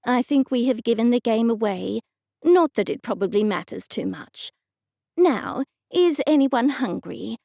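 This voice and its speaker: A woman narrator voicing a brisk, bossy older aunt who speaks in a curt, commanding way and is easily exasperated. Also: on the high side, lively intonation, gravelly, warm tone, no echo, clean studio sound, full character voice. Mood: irritated.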